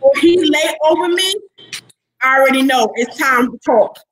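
Animated, high-voiced woman telling stories. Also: normal speed, rough recording. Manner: animated storyteller, emphatic, plain-spoken. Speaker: podcast co-host. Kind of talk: casual chat.

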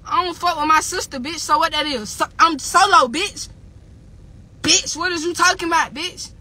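On a livestream, a woman rapper with a very high, bright, forceful voice rants angrily at a normal speed. She's heated and profane, swearing constantly and hammering the same insults and phrases again and again.

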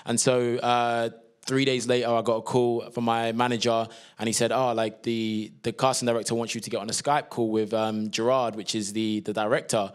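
A young man with a London accent talks casually as an interview guest. His voice sits in an ordinary middle pitch, and he tells his stories loosely, with slang and plenty of fillers. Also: moderate pace, clear, resonant tone. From England. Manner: relaxed storytelling, lots of slang and fillers. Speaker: actor guest.

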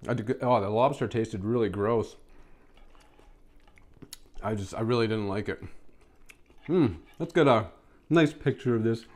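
Eating on camera for a food review, this man is chatty and enthusiastic, letting out plenty of pleased mmm sounds and talking to his pet in an excited, high voice. His pace is moderate, broken by long pauses.

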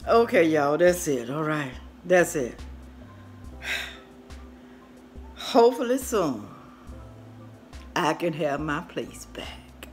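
A woman's voice: low-pitched, very animated, extremely slow, pauses often. An older woman who hosts a cooking channel, chatting casually with viewers while she walks through the craft room in her home. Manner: chatty, talks to viewers as "y'all". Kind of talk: casual home-tour vlog chat. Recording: echoey room with faint music.

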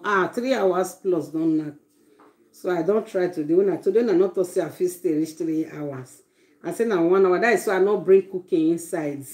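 A woman's voice: fairly low pitch, mellow. A Nigerian woman chatting casually on a live stream, greeting her viewers one by one with effusive exclamations. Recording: roomy echo.

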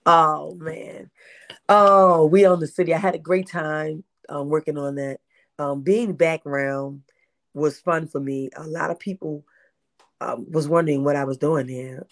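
Woman, 50s; lively interview storyteller who repeats phrases and acts out dialogue. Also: low-pitched, a little slow. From Baltimore, USA. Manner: animated, repeats herself, acts out quotes. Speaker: interview guest, independent filmmaker.

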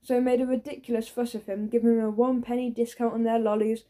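A woman narrating a children's audiobook with lively storytelling. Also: a little high, fast talker.

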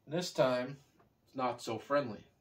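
A man's voice: medium pitch, unhurried, far from the mic. A man from Canada who sells junk vehicles and scrap, telling a long story in a meandering, casual way full of "you know" and restarts. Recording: voice a bit off-mic.

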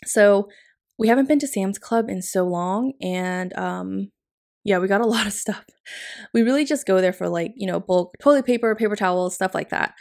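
A woman vlogger chatting casually in a voice-over about decorating her planner, upbeat and quick to laugh. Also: mid-range voice, vocal fry, a little mellow.

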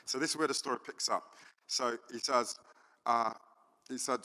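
A man, a pastor preaching a sermon in a church and telling the story in an animated way, with many fillers. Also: medium pitch, moderate pace, long pauses. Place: church hall. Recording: reverberant church hall.

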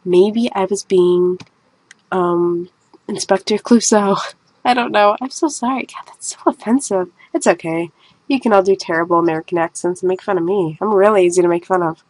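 Husky, nasal woman narrating her painting. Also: lowish voice, moderate pace, darkish tone, rough recording. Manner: chatty, rambling, self-mocking. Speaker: shoe painting artist. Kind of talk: casual voice-over of a painting video.

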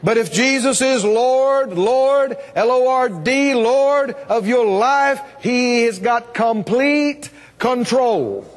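A man's voice: high-pitched, big-room sound. A man preaching a revival sermon, emphatic and calling on the congregation to answer back. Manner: emphatic, call-and-response with the congregation. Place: church or meeting hall.

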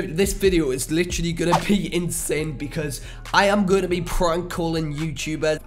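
Excitable young Geordie man. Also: on the high side. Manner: excitable, rambling, loud. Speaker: YouTuber host. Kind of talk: casual vlog chat.

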